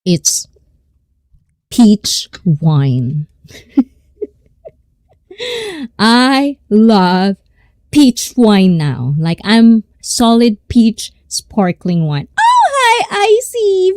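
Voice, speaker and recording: A woman's voice: medium pitch, warm tone, no room sound, clean studio sound. A woman in her thirties with a Filipino accent, hosting a casual live stream, giggling often and mixing Tagalog with English as she reads the chat. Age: 30s.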